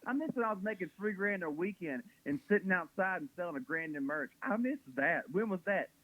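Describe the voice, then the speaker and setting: A man's voice: sits high, lively intonation, a little fast, phone-quality sound. A man, a comedian guest on a radio talk show, telling rambling jokey stories. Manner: joking, rambling storyteller.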